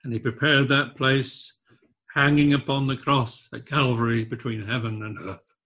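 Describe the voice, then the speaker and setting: A man's voice: steady tone, pushed and bright. A man preaching a sermon, emphatic and repetitive, pressing his points and lifting his voice on key phrases. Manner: slow, emphatic and repetitive, rising in pitch and force on key phrases.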